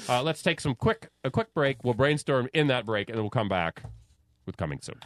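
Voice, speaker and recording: A man's voice: mid-range voice, a little fast, background noise. A man hosting a casual podcast, joking around and running the segments. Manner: animated, jokey, runs the segments. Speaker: podcast host.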